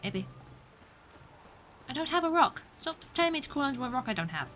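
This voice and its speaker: A woman's voice: high-pitched, very animated, fairly quick, pushed and bright, a little hiss or hum. A young woman streaming a video game, chatting along with giggly, self-mocking asides. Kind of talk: live gameplay commentary.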